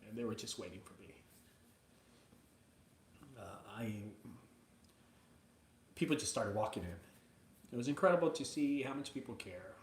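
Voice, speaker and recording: A man hosting a live video from his mother's house, chatting casually and excitedly to viewers, rambling between hype and emotion. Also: medium pitch, normal speed, gravelly, pauses often, reverberant, slight background noise. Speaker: junk removal business owner hosting a live video.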